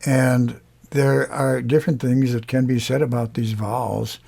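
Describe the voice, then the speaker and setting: A man teaching a lesson on vowels, explaining slowly and demonstrating each sound aloud. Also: mid-range voice, little pitch movement, creaky, a little mellow. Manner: unhurried, pausing often, demonstrating sounds. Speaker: singing teacher.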